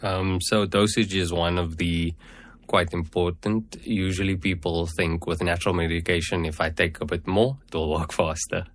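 Low-voiced man explaining herbal medicine. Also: steady tone. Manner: measured, explanatory, many "at the end of the day". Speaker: herbal medicine practitioner guest. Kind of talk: interview answers.

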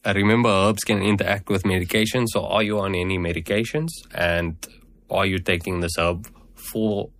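Low-voiced man explaining herbal medicine. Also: fairly even intonation, a bit bright. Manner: measured, explanatory, many "at the end of the day". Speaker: herbal medicine practitioner guest. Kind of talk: interview answers.

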